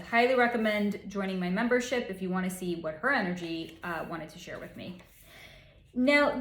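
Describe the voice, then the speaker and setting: Snarky, lively woman psychic vlogger. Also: a little high, reverberant, a little hiss or hum. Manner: snarky, chatty personal asides. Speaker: psychic channel host. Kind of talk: casual vlog, relaying psychic readings.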